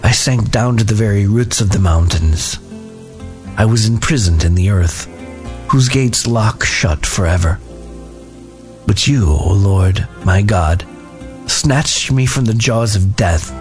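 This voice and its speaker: A man giving a devotional talk and reading scripture aloud in a measured, solemn way. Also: on the low side, darkish tone, faint music behind.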